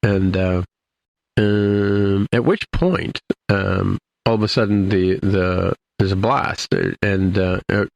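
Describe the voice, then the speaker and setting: Deep voiced guy with some fry, chatty podcast recap, lots of you know and starting over. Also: fairly even intonation, slow, few pauses. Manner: rambling, full of restarts and "you know". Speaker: podcast co-host. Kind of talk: casual chat, recapping an episode.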